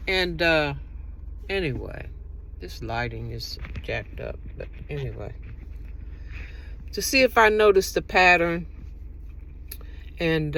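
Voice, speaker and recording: Rambling woman vlogger telling a story. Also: fairly low pitch. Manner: rambling, repetitive, emphatic storytelling. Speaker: vlogger giving relationship advice. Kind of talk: casual talk to camera.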